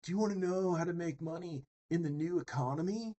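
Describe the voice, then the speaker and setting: A man voicing a hyped young male pitchman from an online ad, salesy and emphatic. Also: a little fast, warm tone, lightly acted.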